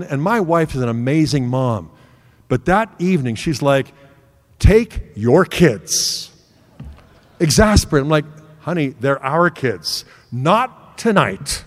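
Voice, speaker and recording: A middle-aged man preaches to a room in an earnest, storytelling way, acting out bits of family dialogue. His voice sits a little high for a man. Long reverb from the hall trails after each phrase. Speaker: speaker giving a talk. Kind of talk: sermon-style talk with personal story.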